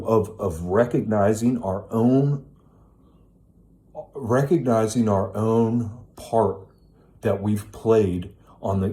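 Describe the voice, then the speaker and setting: A man's voice: on the low side, mellow. A middle-aged man speaking in a blunt, preachy self-help monologue, swearing often. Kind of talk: casual monologue.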